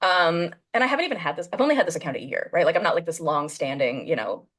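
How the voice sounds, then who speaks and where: A woman hosting a podcast over a video call, telling a story in a casual, animated way and acting out the voices of the people she quotes. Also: sits low, fast, slightly rough.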